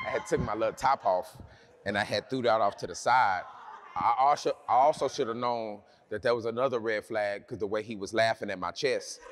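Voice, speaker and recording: A man's voice: on the low side, noisy background. A man preaching a sermon, telling a personal story in a conversational, humorous way with many restarts.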